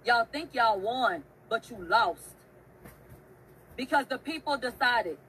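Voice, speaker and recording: A woman's voice: fairly high pitch, animated, slow pace, fairly bright tone, slight background noise, low-quality recording. A woman hosting an online show, telling a story in a casual, emphatic rant. She swears often and repeats phrases for effect.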